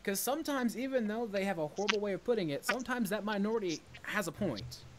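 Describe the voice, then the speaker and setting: A man's voice: sits high, lively intonation, fast, crowd noise. A man in a casual chat about gaming who rambles, restarts often, and speaks bluntly with some profanity.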